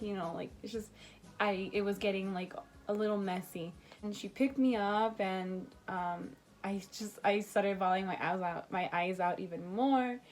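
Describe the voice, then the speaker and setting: A woman's voice: mid-range voice, darkish tone. A young woman in her late teens telling a personal story in a casual vlog, full of "like" and swearing. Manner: casual, filler-heavy, swearing. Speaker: vlogger.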